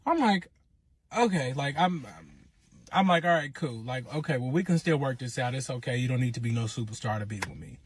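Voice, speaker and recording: A man telling his own relationship story in casual, animated storytime style, acting out quotes. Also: mid-range voice, fairly quick, husky. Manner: animated, acts out quotes in raised voice.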